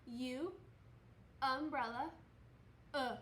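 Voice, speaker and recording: A woman teaching second grade, speaking slowly and clearly with encouraging praise as she leads young children through a reading lesson. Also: sits high, fairly bright tone, a little hiss or hum. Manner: slow, clearly enunciated, encouraging teacher talk. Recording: roomy, echoey room.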